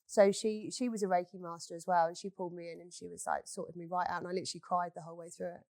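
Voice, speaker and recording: A woman's voice: fairly low pitch, level tone, quick pace, darkish tone, no room sound. A woman, a beauty business owner, telling stories in a candid chat and swearing freely. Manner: blunt, swears freely, storytelling.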